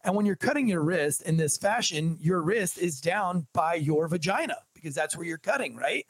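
Man, police officer, casual podcast storytelling, gravelly, husky, dry close sound. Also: a little high, normal speed, no echo. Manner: animated, jokey storyteller, acts out dialogue.

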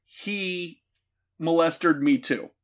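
A man's voice: on the high side, drawn-out words. A man voicing a blunt, offhand nurse in a comic movie recap.

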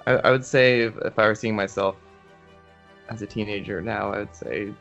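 A man's voice: on the low side, steady tone, moderate pace, gravelly, fairly bright tone, soft background music. A young man answering interview questions in a thoughtful, hesitant way, restarting his sentences. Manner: thoughtful, hesitant, restarts often, gets emotional. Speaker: interview guest, YouTuber.

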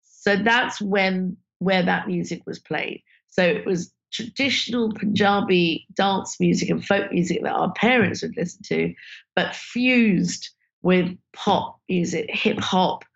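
A woman, a filmmaker guest telling animated stories in an interview and acting out the people she quotes. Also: on the low side, slow, gravelly, highs cut off. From Britain. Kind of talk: conversational interview storytelling.

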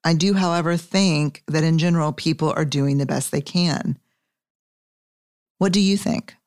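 A woman voicing a calm, gentle woman therapist who asks patient questions. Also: sits low, moderate pace, no room sound, studio quality. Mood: calm probing.

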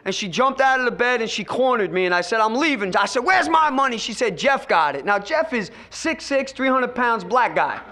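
High, bright-voiced man sharing testimony. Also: animated, normal speed, hardly any pauses. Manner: storytelling, acts out quoted voices, swings between loud and hushed. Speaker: recovery meeting speaker. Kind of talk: personal testimony at a recovery meeting.

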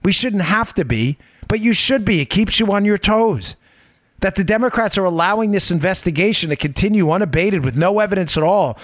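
A male host delivering political commentary with a lively, swinging delivery and a voice pitched somewhat high. He presses his points emphatically and keeps turning to his listeners with pointed questions. The sound is dry and close, with no room around it. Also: fairly quick, no echo. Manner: emphatic, fires rhetorical questions, addresses listeners as folks. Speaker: podcast host.

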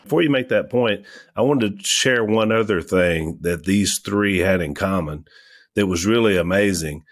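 A man hosting a podcast, retelling a Bible story in a steady, casual way. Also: deep voice, moderate pace. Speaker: podcast host, reads the ad. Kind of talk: ad read and casual Bible chat.

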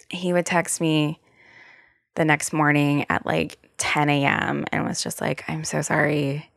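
A woman's voice: deep voice, level tone, a little slow, gravelly, a bit bright, dry recording, studio quality. A young adult woman hosting a podcast solo, telling stories in a chatty, profane way full of "like" fillers. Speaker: podcast host. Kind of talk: casual solo podcast storytelling.

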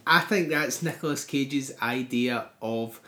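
A man, co-hosting a podcast, telling stories in an animated way with swearing and laughter. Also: mid-range voice, measured pace. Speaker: podcast co-host. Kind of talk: casual chat. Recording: echoey room.

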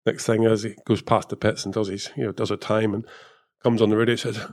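A man with a fairly low voice talks through his years in motor racing in a loose, conversational way. He restarts sentences often and leans on fillers as he thinks aloud. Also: little pitch movement, fast, darkish tone. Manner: rambling, with many fillers and restarts. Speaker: former F1 technical director and race engineer. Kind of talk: casual interview chat.

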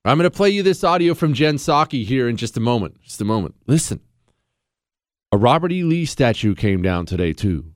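A man's voice: mid-range voice, very animated, brisk, no room sound, clean studio sound. A man hosting a political talk show, speaking emphatically in a sarcastic tone and firing off rhetorical questions.

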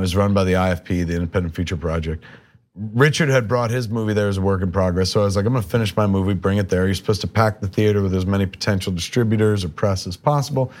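Man with a low voice, telling stories. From New Jersey. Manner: rambling, animated anecdotes with quoted dialogue. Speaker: podcast guest, filmmaker. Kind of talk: casual storytelling.

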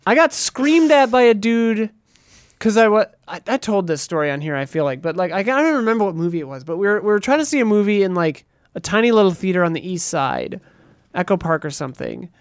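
A woman's voice: mid-range voice, sing-song, a little fast, no room sound, clean studio sound. A woman from the Midwest in casual podcast chat, chatty and full of "like", swearing casually. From American Midwest.

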